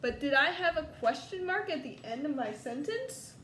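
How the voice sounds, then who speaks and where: A woman with a Southern US accent teaching a first grade lesson, slow and coaxing, stretching words out for young children. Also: sits high, expressive, a bit bright. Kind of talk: recorded distance-learning lesson for young children. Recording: echoey room, faint background noise.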